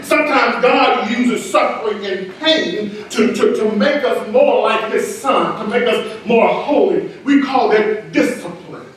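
A man's voice: extremely high pitch, unhurried, hardly any pauses, fairly bright tone. A man preaching a sermon in a church, emphatic, repeating key words for stress. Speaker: pastor. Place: church sanctuary. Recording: echoey room, mic at a distance.

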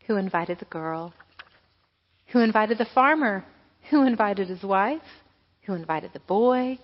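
Woman pastor reading a children's story. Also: mid-range voice. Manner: expressive storytelling. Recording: echoey hall, dull lo-fi sound.

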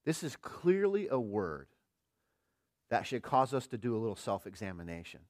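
A middle-aged man preaching a sermon as pastor, earnest, firing rhetorical questions and swinging between quiet and emphatic delivery. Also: lowish voice, sing-song, moderate pace, no echo, studio quality.

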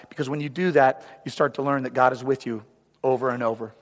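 A man preaching a sermon, telling a personal story, moving between loud urgent preaching and hushed prayer. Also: mid-range voice, steady tone, fast talker, big-room sound. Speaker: pastor.

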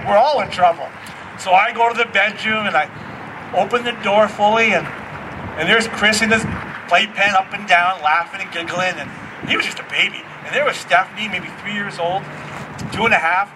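Man, pastor, high bright voice, animated storytelling sermon, heard from a distance with faint noise. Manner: animated, acts out voices in his stories.

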